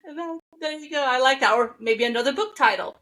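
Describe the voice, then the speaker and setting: Woman podcast host, casual and friendly, a touch high-pitched. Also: brisk, pushed and bright, poor audio. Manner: friendly, laughs easily, asks questions. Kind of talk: casual interview.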